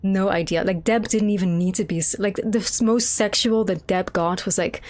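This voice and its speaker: A woman's voice: medium pitch, moderate pace, darkish tone. A woman streamer giving sarcastic, profane commentary while playing a game. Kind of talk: gameplay commentary.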